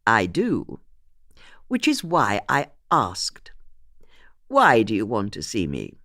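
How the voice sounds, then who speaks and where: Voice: mid-range voice, huge pitch swings, takes it slowly, sharp tone, exaggerated voice. A narrator voicing a man in his late fifties with an easy, amused, superior manner. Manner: nonchalant, teasing.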